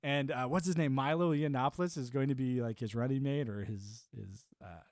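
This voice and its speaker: A man's voice: mid-range voice, brisk, no echo, clean studio sound. Rambling, laughing man streamer. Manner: rambling, laughs often, animated swings. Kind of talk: casual live-stream chat.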